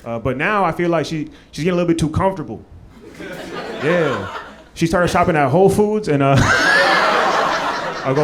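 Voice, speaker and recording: A man's voice: a little high, expressive, normal speed, long pauses, background noise. A man from Maryland doing a stand-up comedy set on a club stage, loose and profane with lots of fillers. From Maryland, USA.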